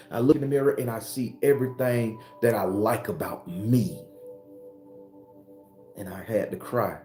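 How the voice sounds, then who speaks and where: A man with a Southern accent gives an emphatic, earthy spiritual talk, hammering his points home through repetition. His voice sits low and mellow. The sound carries the echo of a roomy space. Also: normal speed, soft background music. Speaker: spiritual teacher.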